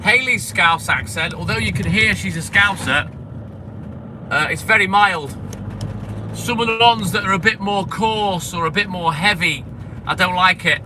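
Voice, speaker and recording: Male streamer with a high voice, blunt and sweary in casual chat, clear vehicle noise in the background. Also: moderate pace. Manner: blunt and sweary, chatty asides to viewers. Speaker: livestream host reading viewer comments.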